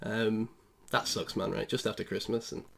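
A man's voice: lowish voice, flat delivery, moderate pace, gravelly, a bit bright. A young man hosting a casual podcast chat in an easygoing, conversational way.

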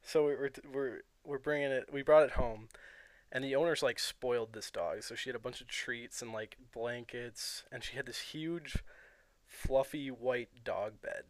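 Young male co-host, rambling and filler-heavy storyteller, mid pitch, dry close mic. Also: normal speed, no room sound. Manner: rambling, filler-heavy, chuckling between phrases. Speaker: podcast co-host. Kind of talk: casual chat, storytelling.

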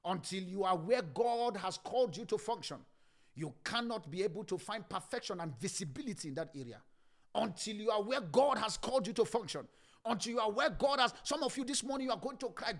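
A male pastor in mid-life delivers a sermon with fervent emphasis, his volume surging and sinking as he repeats phrases. His voice sits high and leaps around energetically. It has a bright, sharp ring and a gravelly fry underneath. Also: lively intonation, fairly quick.

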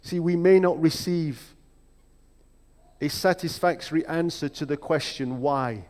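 A man preaching a sermon in a reflective, measured way, with emphatic rhetorical questions. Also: on the high side, a little mellow. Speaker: pastor. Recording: long hall reverb.

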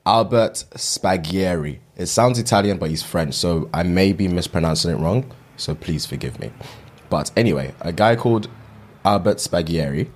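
A man's voice: deep voice, moderate pace, darkish tone. A man, co-hosting a casual chat and reading out a fun fact, stumbling over names and laughing at himself. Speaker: podcast co-host.

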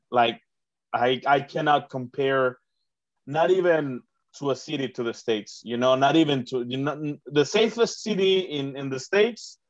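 A man's voice: medium pitch, dry recording, dull audio. A man hosting a casual interview, talking in a rambling way with many restarts. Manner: rambling, frequent restarts and fillers. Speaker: interview host.

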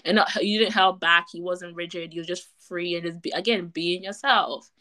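A woman's voice: on the low side, steady tone, normal speed, bright, forceful tone. A woman hosting a podcast, chatting casually and heaping encouragement and thanks on her guest. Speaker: podcast host.

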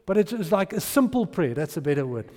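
A man's voice: high voice, big pitch swings, quick pace, a little mellow, long reverb tail. A man preaching a sermon and acting out the people in his stories. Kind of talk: sermon with storytelling.

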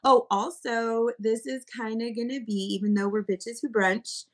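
A woman hosting a casual podcast chat, bubbly and quick to laugh. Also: on the high side. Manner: bubbly, giggly, animated. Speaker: podcast host. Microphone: streaming podcast mic.

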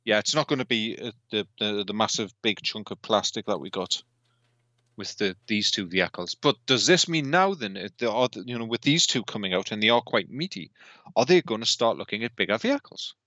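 Podcast guy chatting away, bright forceful voice, dry close sound. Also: on the low side, lively intonation, brisk, no echo, dull audio. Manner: chatty, asks questions, trails off and restarts. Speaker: podcast co-host. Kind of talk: casual chat.

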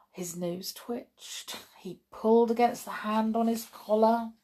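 Slow husky woman reading a children's story. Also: on the high side. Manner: gentle, expressive, chatty sign-off. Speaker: storyteller podcast host.

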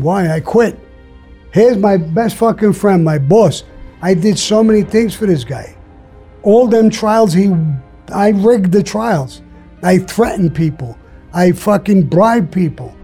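A man's voice: high-pitched, a little slow, creaky, dark tone, breathy edge, faint music behind. An older man, telling blunt, profane stories as an interview guest. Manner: blunt, profane, streetwise storytelling. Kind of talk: storytelling interview.

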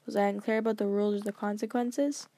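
A lightly acted old grandfather, stern and formal, is voiced by a woman who lectures in a measured, grave manner at a level tone. She pitches him a bit lower and quieter than her narration.

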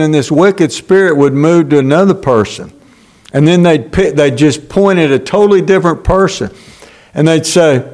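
Slow, emphatic older male pastor. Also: a little high. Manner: slow, emphatic preaching with halting restarts. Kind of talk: sermon.

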